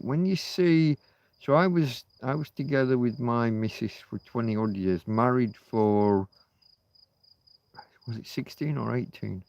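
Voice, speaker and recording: A man's voice: mid-range voice, vocal fry, darkish tone, no echo. Rambling middle-aged man musing aloud. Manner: rambling, muses aloud and swears casually. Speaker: livestream host. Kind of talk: rambling casual livestream chat.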